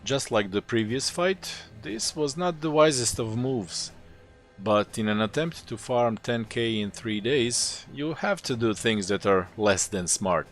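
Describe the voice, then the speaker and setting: A man's voice: mid-range voice, a little slow, a bit bright, soft background music. A man narrating the story of a game session, adding dry, teasing asides about the player.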